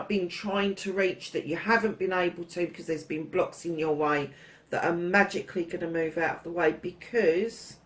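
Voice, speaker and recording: A woman reading tarot cards for her viewers in a chatty, affectionate way, calling them darlings and swearing freely. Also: mid-range voice. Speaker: tarot reader. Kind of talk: casual tarot reading to camera.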